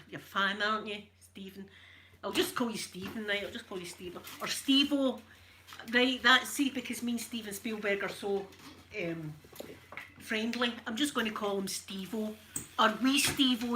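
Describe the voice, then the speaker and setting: A woman's voice: fairly high pitch, bright, forceful tone, a little hiss or hum. A middle-aged woman with a Scottish accent chatting casually and joking through an ASMR ironing video, laughing often. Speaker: ASMR creator.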